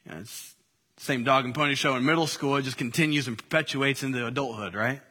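A man's voice: medium pitch, fast talker, pushed and bright, in a large hall. A man preaching a sermon in an easy conversational way, full of fillers and restarts. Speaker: pastor.

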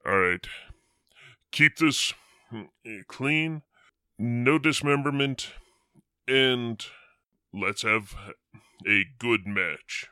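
Brief: man voicing an alien referee, four arms, officious, bright and unhurried. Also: medium pitch, smooth, dry recording, studio quality, heavily acted. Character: four-armed alien match referee, brisk.

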